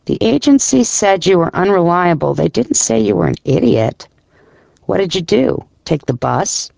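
A man voicing a blunt, wry woman who runs a group home, brisk and teasing in a read-aloud story. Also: medium pitch, dark tone, no echo, lightly acted, low-quality recording. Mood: scornful.

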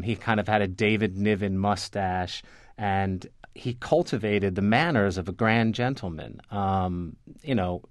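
Low-voiced man telling stories, halting. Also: no echo, clean studio sound. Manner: rambling, many restarts and fillers. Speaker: guest, newspaper reporter. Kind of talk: conversational interview storytelling.

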